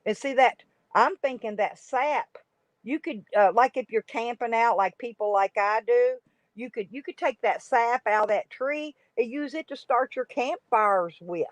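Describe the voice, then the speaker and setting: A woman's voice: on the high side, measured pace, no room sound. A woman, chatting in a rambling way with viewers as host of a live stream. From United States. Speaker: livestream host. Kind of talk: casual live chat reading comments. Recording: dry, dull lo-fi stream audio.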